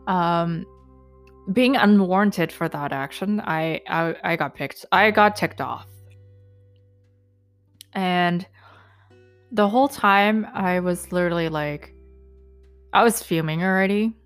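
A woman's voice: on the low side, takes it slowly, pauses often, no echo, soft background music. A young woman telling an angry story about an incident, casual and profane, with many fillers. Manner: indignant, profane, lots of fillers. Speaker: vlogger recounting an incident.

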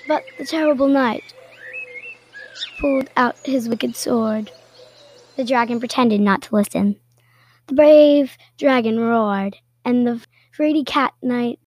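A woman reading a children's picture book aloud with playful, expressive storytelling and little asides. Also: on the high side, no room sound. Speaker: storybook reader.

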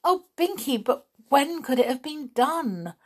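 A woman's voice: mid-range voice, expressive, moderate pace, darkish tone, husky. A woman voicing an anxious, earnest young girl in a children's storybook. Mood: upset.

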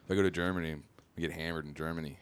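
A young man, a comedian guesting on a podcast, talking in a relaxed way and saying dude and bro a lot. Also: rumbling low, very fast, a little hiss or hum. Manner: laid-back, says dude and bro a lot. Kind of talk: casual podcast chat. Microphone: studio mic.

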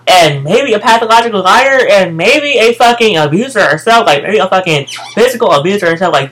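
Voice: mid-range voice, a bit bright, low-quality recording. Profane American vlogger ranting. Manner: profane, emphatic, repeats phrases. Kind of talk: casual storytime rant.

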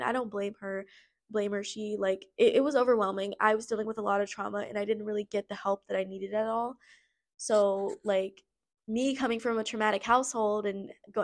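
A young adult woman with a slightly higher voice tells her own story on her podcast. She speaks candidly and loosely, with plenty of fillers, and gets blunt, swearing now and then. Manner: candid and rambling, many fillers. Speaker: podcast host. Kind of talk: personal storytelling.

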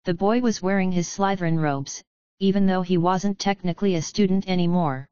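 A woman narrating a story in a steady, measured reading. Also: fairly low pitch, clean tone, no echo, dull audio. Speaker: audiobook narrator. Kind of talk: scripted narration.

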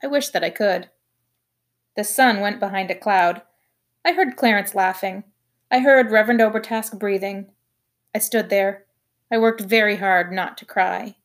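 A woman reading a children's novel aloud, telling the story in an expressive first-person voice. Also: mid-range voice, moderate pace. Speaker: audiobook reader.

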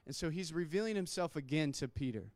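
A man's voice: a little high, animated, a little fast, a little mellow, dry recording, clean studio sound. A man preaching a sermon in a conversational way, restarting words and acting out quotes. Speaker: pastor.

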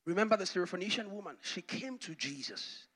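Man, pastor, sermon, high lively voice, dramatic loud-to-hushed delivery. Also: fairly quick, slightly rough.

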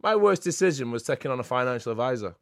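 A man's voice: mid-range voice, expressive, quick pace, fairly bright tone, dry recording. A man co-hosting a casual podcast, speaking bluntly into a close studio mic. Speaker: podcast co-host.

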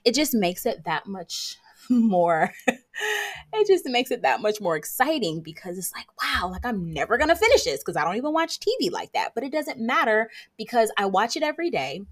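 A young woman hosting a casual solo podcast, talking fast and excitably with playful sarcasm. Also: on the high side. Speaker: podcast host.

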